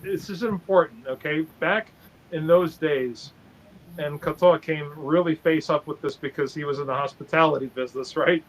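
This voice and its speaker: A man's voice: fairly high pitch, normal speed, low-quality recording. Man hosting a casual podcast. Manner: addresses the audience, explains background. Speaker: host.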